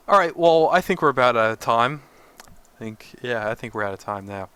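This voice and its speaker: Young man, bright clear voice. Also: mid-range voice, moderate pace, dry recording. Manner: relaxed, rambling with restarts. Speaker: podcast co-host. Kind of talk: casual gaming chat.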